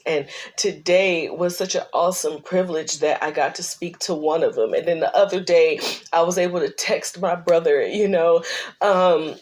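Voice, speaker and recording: A middle-aged woman speaking unscripted to camera about grief, earnest and encouraging, her voice turning tearful at times. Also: fairly low pitch. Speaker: grief vlogger and ministry leader. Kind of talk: unscripted personal talk to camera.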